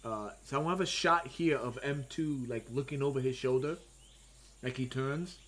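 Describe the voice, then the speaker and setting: A man and comic artist giving casual livestream commentary, thinking aloud as he draws with frequent pauses and self-talk. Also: mid-range voice, a bit bright. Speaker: comic artist streaming his drawing.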